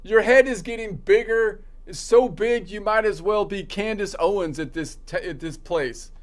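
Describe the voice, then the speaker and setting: A man's voice: sits high, normal speed. A man practicing stand-up jokes in a sarcastic, ranting delivery, slipping into mocking voices for the people he quotes.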